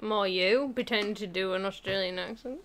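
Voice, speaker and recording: A woman's voice: mid-range voice, brisk, fairly bright tone. A woman in a casual chat at home with her husband, teasing and contradicting him in a dry way. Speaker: host's wife.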